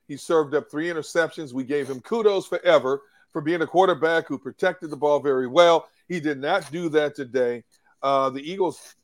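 A male sports analyst with a slightly high-pitched voice, breaking down the game in an emphatic, opinionated way. He leans on key points as he walks through each play. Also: dry recording.

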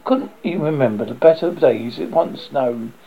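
A man reading his own book aloud in the first person, theatrical and lively, with sudden loud exclamations. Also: medium pitch, moderate pace, gravelly. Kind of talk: first-person storybook narration. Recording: dull lo-fi audiobook recording.

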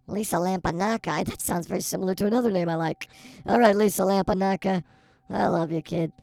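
A man co-hosting a comedy podcast, reading listener questions slowly with playful teasing. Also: high voice, fairly even intonation, gravelly, darkish tone, no room sound.

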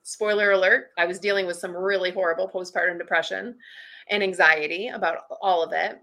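Bright-voiced woman telling a candid story. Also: fairly low pitch, fairly even intonation, a little fast. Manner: chatty, heavy use of "like", acts out past thoughts. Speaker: podcast guest.

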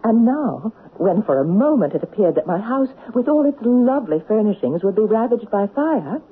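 A woman's voice: mid-range voice, very animated, normal speed, slightly rough, narrow, tinny audio. An actress playing a poised, gracious newly married lady with a teasing, lilting way of speaking, in an old radio drama. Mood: playful. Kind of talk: 1940s radio acting. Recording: scratchy old radio broadcast with faint hiss.

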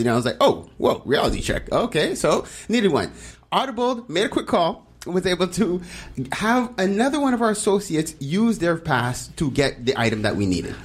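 A man's voice: a little high, a little hiss or hum. A man, co-hosting a chat show and telling a story with lots of energy. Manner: animated storyteller, voice jumping up when excited. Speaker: podcast co-host. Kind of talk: casual chat.

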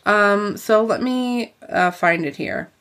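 A woman discussing a book in a casual conversation, talking in a thoughtful, measured way. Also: mid-range voice, expressive, a bit bright.

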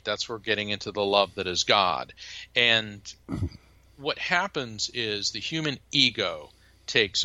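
A man who is a guest in an interview, talking as a lively, emphatic storyteller. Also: fairly low pitch, no room sound. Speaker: psychic medium and lawyer, guest. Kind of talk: interview conversation.

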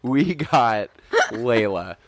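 A man's voice: medium pitch, expressive, very slow, no room sound. A man hosting a podcast in casual chat, rambling, laughing often and swearing freely. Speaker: podcast host.

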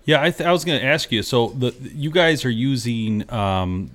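Radio host, man, mid pitch, halting questions. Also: lively intonation, fairly bright tone.

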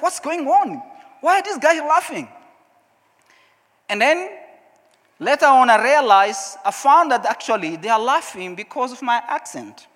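A man with a Portuguese accent preaches in English, telling his story with lively, acted-out moments. His voice sits very high and sounds bright and forceful. A long reverb trails behind every phrase. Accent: Portuguese-speaking African. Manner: storytelling, animated, acts out his own past questions. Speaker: pastor. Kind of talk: sermon.

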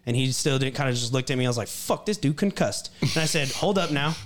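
A man's voice: mid-range voice, racing, a bit bright, a little hiss or hum. A young man co-hosting a podcast, telling a rambling, profane story in casual chat. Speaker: podcast co-host.

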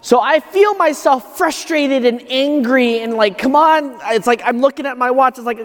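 A man's voice: extremely high pitch, moderate pace, hardly any pauses, fairly bright tone. A priest speaks from the front of a church, his homily loose and conversational as he tells a personal story. Each sentence trails off into a long, echoing reverb from the hall around him. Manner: conversational storytelling, thinking aloud. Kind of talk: homily at Mass.

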